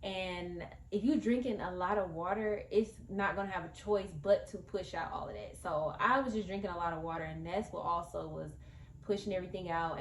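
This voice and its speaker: A woman's voice: medium pitch, reverberant, slight background noise. A woman telling a story in a casual vlog, chatty and rambling, talking straight to her viewers. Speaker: vlogger.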